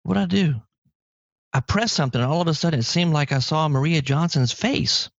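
A man hosting a podcast in casual chat, lively and talkative, with sudden jumps in pitch. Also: fairly quick, creaky, no room sound. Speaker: podcast host. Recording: dry, slightly dull lo-fi audio.

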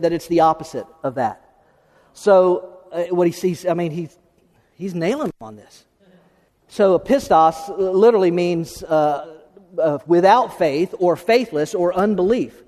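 A man's voice: sits high, darkish tone. A man preaching a sermon as pastor, conversational, asking rhetorical questions and restarting his phrases. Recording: long hall reverb.

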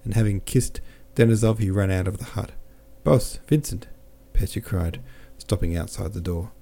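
A man narrating a classic novel as an audiobook in a steady, measured reading. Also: sits low. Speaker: audiobook narrator and podcast host.

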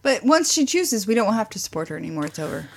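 A woman's voice: medium pitch, big pitch swings, fast talker, creaky, breathy edge. A woman co-hosting a casual podcast about reality TV, with a wry, joking and teasing manner. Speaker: podcast co-host. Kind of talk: casual reality-TV recap chat.

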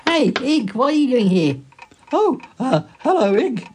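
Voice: sits high, sing-song, measured pace, very noisy. A performer voicing a kindly friend who is hesitant and easily startled. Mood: concerned.

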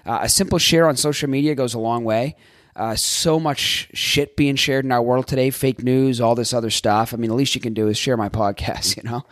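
A man's voice: mid-range voice, steady tone, a little fast, dry recording, clean studio sound. A man hosting his own podcast as a life coach, talking in a casual, rambling monologue with jokes, swearing and frequent restarts.

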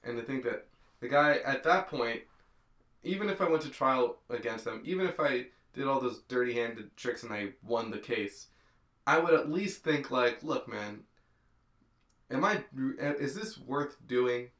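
A man's voice: medium pitch, expressive, moderate pace, fairly bright tone. A man co-hosting a casual movie podcast, laid-back and blunt in his comments. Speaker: podcast co-host. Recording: echoey room.

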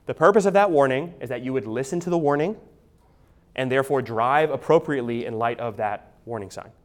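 A man's voice: medium pitch, a little fast. Man preaching conversationally. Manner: conversational teaching, frequent restarts, asks "right?". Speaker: pastor. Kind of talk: expository sermon.

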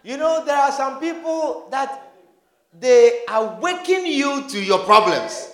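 A male preacher with a very high voice delivers a slow, animated sermon, acting out little scenes with shouts and laughter. His voice rings through a roomy, echoing hall. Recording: roomy echo.

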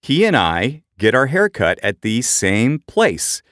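A middle-aged man co-hosting a podcast, telling animated anecdotes in casual chat and jumping up in pitch for quoted voices. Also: slow pace, no room sound, clean studio sound. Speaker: podcast co-host.

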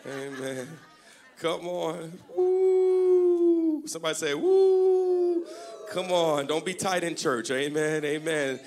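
A man's voice: on the high side, steady tone, a little slow, slight background noise. A man preaching a sermon to his congregation, joking and calling for responses. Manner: call-and-response, joking, rising to shouts. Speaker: pastor. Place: church service before a congregation.

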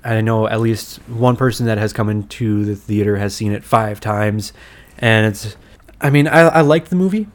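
A man's voice: on the low side, moderate pace. A young man co-hosting a casual movie podcast, easygoing, often stumbling and restarting his sentences. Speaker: podcast co-host, works at a movie theater. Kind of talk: casual movie review chat.

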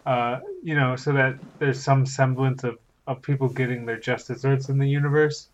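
A man from Canada co-hosting a podcast, chatting in a relaxed, dry, easygoing way. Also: mid-range voice, moderate pace. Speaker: podcast co-host. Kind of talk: casual chat. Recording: dull, lo-fi audio.

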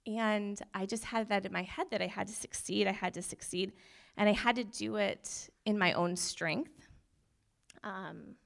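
A woman's voice: medium pitch, steady tone, a little slow, creaky. A young woman, a nurse, sharing a personal testimony in a rambling, nervous, self-deprecating way, laughing often between sentences.

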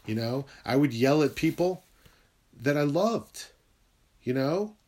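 A man delivers a rambling, confessional video monologue about self-help and his writing, swearing freely. His fairly high, animated voice moves slowly and swings between loud, heated bursts and quiet muttering.

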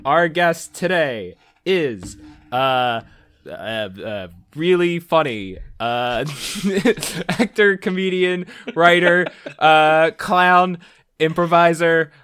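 A man hosting a comedy podcast, joking and halting with fillers. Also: fairly high pitch, animated, a bit bright, clean tone. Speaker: podcast host. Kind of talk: casual podcast banter.

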